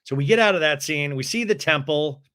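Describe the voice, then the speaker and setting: A podcast host, a man, recapping a reality TV episode for laughs. His voice is bright and sits a little high, and he tells it in an animated, gossipy storytelling way. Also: fairly quick.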